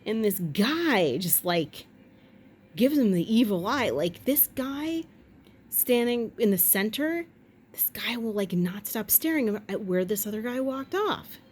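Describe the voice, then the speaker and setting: A woman's voice: medium pitch, big pitch swings, a little mellow, a little hiss or hum. Rambling, wry woman vlogger. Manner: rambling, wry, quick to swear and joke. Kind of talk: casual chat.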